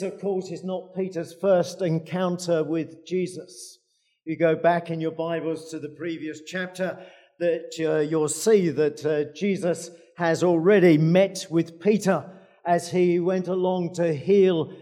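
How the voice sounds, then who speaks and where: A man's voice: fairly high pitch, warm tone. A man preaching a sermon in a conversational way, with dry asides and frequent fillers.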